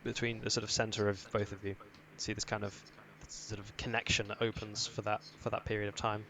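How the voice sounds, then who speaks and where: A man's voice: on the low side, little pitch movement, fairly quick, fairly bright tone. A young man narrating as game master of a tabletop game, describing scenes hesitantly with many restarts.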